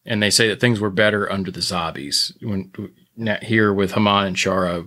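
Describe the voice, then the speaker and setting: A fairly low-pitched man on a casual podcast, trading dry, wry quips with his co-hosts. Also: fairly even intonation, normal speed, bright, forceful tone. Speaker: podcast co-host. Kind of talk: casual chat.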